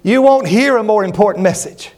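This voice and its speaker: A man's voice: high voice, fairly quick, darkish tone. A middle-aged man preaching a sermon, emphatic and repetitive, often restarting his words.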